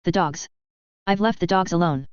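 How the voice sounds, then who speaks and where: A woman voicing an uncanny, predatory young woman who speaks softly and coyly. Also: on the low side, moderate pace, smooth, no echo, lo-fi sound, close to an everyday voice. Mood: teasing.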